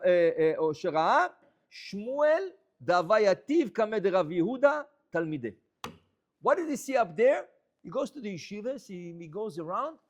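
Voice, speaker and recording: Animated rabbi teaching a Torah class. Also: male voice, high-pitched. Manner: animated, mixes Hebrew and Aramaic terms.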